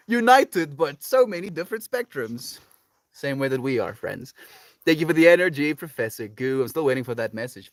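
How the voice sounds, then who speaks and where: A South African man livestreaming from his farm garden, reading out viewer comments in relaxed, rambling casual chat. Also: mid-range voice, no room sound, clean studio sound. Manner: relaxed, chatty, many fillers like "like" and "you know". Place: home on a farm, outdoors in a garden.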